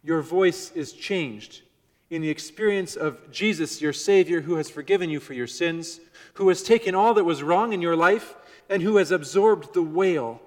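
A middle-aged male pastor preaching a sermon earnestly, dropping to a soft hush on key words. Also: a little high, normal speed, in a large hall. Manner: earnest, varies volume, drops to soft near-whisper on key words. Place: church sanctuary.

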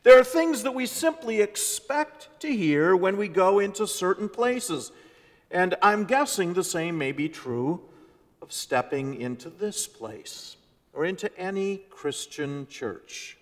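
A male pastor preaching a sermon in a church, moving from loud, emphatic lines to soft, hushed phrases. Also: high voice, expressive, slow pace. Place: church sanctuary. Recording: long church reverb.

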